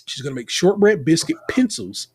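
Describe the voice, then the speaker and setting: With a slightly rough, higher voice at a fairly quick clip, this American man co-hosts a podcast. His baking-show recap is animated and playful, peppered with Southern-flavored slang like "y'all."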